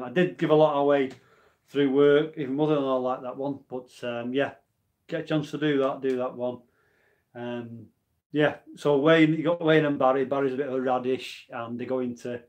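A man in his forties chats casually on a live stream, with a voice sitting at an ordinary middle pitch. He rambles from one thought to the next and answers viewer comments along the way, in a relaxed, homely tone. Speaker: homebrew channel host.

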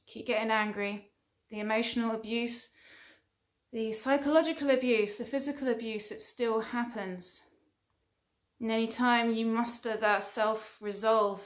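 A woman counselor giving an earnest advice monologue, building her points through repeated short lists. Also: a little high. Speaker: relationship counselor.

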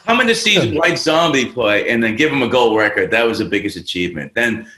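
A man's voice: medium pitch, animated, brisk, pushed and bright, reverberant, rough recording. A man, telling stories as a guest drummer in a casual interview, swearing freely and acting out the voices of people he quotes. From New York, the Bronx. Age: 50s.

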